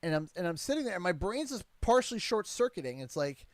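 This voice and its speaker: A man's voice: sits high, very animated, fast, no echo. A Canadian man in his thirties tells a story on a casual livestream, and his voice swings widely up and down as he goes. He rambles and restarts his sentences often, and an exasperated edge runs through the telling. The sound is dry and close, with no room around it. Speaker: streamer and father.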